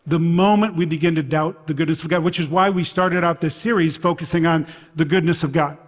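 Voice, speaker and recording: Male pastor, fairly high voice, chatty preaching with restarts, long hall reverb. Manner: conversational, animated storytelling with halting restarts. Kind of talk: sermon.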